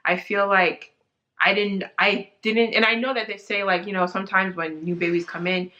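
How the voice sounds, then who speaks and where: A young woman with a bright, clear voice tells stories in a casual chat, acting out quotes with many fillers. She sounds lively and quick to laugh. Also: mid-range voice, muffled recording. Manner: animated storyteller, acts out quotes, many fillers. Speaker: guest.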